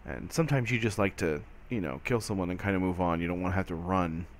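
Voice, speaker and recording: A man's voice: low voice, fast talker, a little hiss or hum. Rambling, stammering gameplay commentator man. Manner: rambling, stammering, self-mocking.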